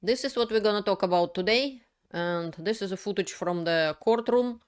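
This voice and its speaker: A woman hosting her own political video channel, explaining events in a casual, unscripted way with halting, explanatory delivery. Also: mid-range voice. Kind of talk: casual spoken commentary to camera.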